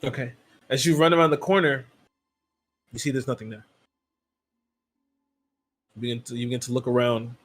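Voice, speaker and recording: A man's voice: medium pitch, moderate pace, pauses often. Rambling man running a tabletop game. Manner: rambling, full of "like" and "um" fillers. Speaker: game master.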